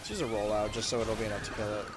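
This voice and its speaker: A young man casually commenting on his gameplay as a streamer, chatty and self-mocking, with sudden loud outbursts and a voice getting worn. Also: lowish voice, steady tone, racing, heavy background noise.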